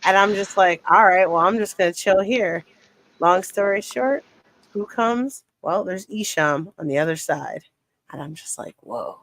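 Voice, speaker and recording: A young woman telling a long story in casual chat, animated, swearing freely and laughing as she goes. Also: medium pitch, measured pace, slight background noise, poor audio. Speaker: podcast guest.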